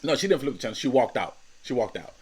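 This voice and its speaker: A man's voice: mid-range voice, very animated, fast, a little mellow, husky. A man in his thirties hosting a casual solo podcast, talking in a slangy, laid-back way, repeating words and laughing often. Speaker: podcast host.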